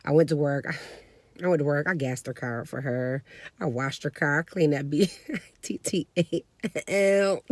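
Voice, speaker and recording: A woman in her thirties telling a family story in a casual, slangy vlog, animated and laughing along. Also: low-pitched, normal speed, no room sound. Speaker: vlogger.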